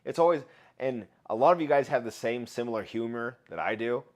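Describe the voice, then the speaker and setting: Man, livestream host, casual chat, laughs a lot, reads chat aloud, mid pitch. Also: fairly quick.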